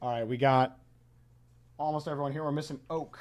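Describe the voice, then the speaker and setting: A man's voice: mid-range voice, fairly even intonation, fairly quick. A man casting a live video game match, chatting and giving play-by-play. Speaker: esports caster. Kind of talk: live game commentary and chat.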